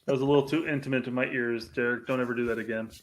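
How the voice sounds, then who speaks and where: A man's voice: mid-range voice, steady tone, racing. A man from Indiana co-hosting a podcast, telling stories and teasing his co-host in casual chat. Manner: teasing, laid-back.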